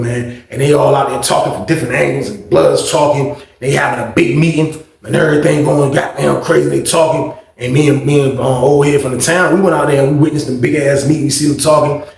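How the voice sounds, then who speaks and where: A man hosting his own channel, telling a prison story in casual, animated slang and repeating points for emphasis. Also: on the high side, vocal fry. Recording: roomy echo.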